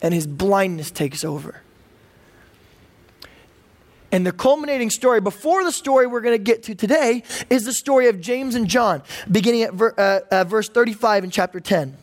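A pastor preaching a sermon, animated and humorous, with comic asides to the congregation. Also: medium pitch, moderate pace.

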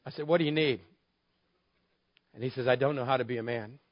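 A man's voice: medium pitch, a little fast, no echo. A man preaching a sermon as a pastor, telling a story in a candid, conversational way with wry humor. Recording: dull, lo-fi dry sound.

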